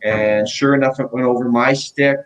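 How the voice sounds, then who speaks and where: Middle-aged former athlete guest, casual storyteller, acts out quotes. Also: male voice, medium pitch, normal speed, low-quality recording. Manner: animated anecdotes, acts out quotes. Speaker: guest, former pro hockey player.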